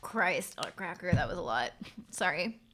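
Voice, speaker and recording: A woman's voice: on the low side, animated, moderate pace, noisy background. A woman streamer and voice actor chatting casually on a live stream from her apartment, rambling with fillers and swearing, her nose congested. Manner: rambling, frequent fillers and profanity.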